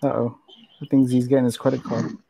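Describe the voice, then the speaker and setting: A man's voice: medium pitch, little pitch movement, a little fast, creaky, mellow, a little hiss or hum. A man hosting a livestream, bantering playfully with his friends. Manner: playful, banters back and forth. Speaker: streamer hosting the stream. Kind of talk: casual chat.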